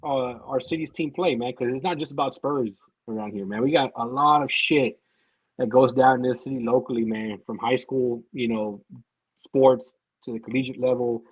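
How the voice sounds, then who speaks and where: A man's voice: mid-range voice, steady tone, moderate pace, breathy edge, no room sound, dull audio. A man guesting on a casual podcast, rambling, swearing and repeating himself as he talks.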